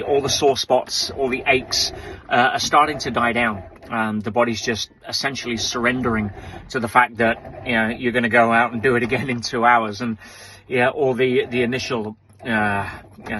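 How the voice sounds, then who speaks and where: A man on a small rowing boat out at sea, recording a reflective, motivational video diary in a halting, thoughtful way with many fillers. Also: medium pitch, sharp tone, a little hiss or hum, low-quality recording. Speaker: ocean rower sending a video update.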